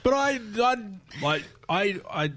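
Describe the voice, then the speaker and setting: A man's voice: high voice, very animated, takes it slowly, very noisy. An Australian man co-hosting a podcast, telling family stories casually with lots of laughter and self-mockery. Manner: laughing, self-mocking storyteller. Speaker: podcast co-host. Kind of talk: casual chat.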